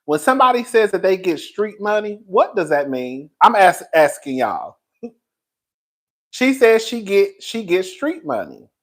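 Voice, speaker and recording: A man's voice: high-pitched, very animated, unhurried, fairly bright tone, low-quality recording. A man hosting a gossip livestream, who laughs often and stretches out his words. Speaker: livestream host. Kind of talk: gossip commentary.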